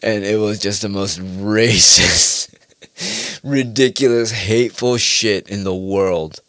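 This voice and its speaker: A man's voice: on the low side, steady tone, slow pace, fairly bright tone, dry recording, studio quality. A man ranting casually in a rambling, profane monologue, often laughing at his own points.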